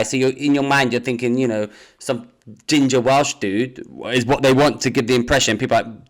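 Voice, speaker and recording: A man's voice: medium pitch, brisk. A man co-hosting a casual political podcast, incredulous and stressing key words. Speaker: podcast co-host.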